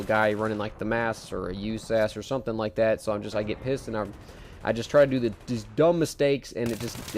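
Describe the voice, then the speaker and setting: A man's voice: medium pitch, a little mellow, slight background noise. Young guy chatting thru his match, rambly, lots of uh and like, faint gunfire behind. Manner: rambling, with many restarts and fillers. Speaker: gaming video creator. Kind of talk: casual gameplay commentary.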